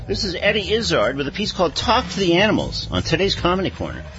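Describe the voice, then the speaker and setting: A man's voice: high voice, wildly swooping pitch, highs cut off, over music. Man hosting a radio talk show. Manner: measured, with many fillers. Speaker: radio host.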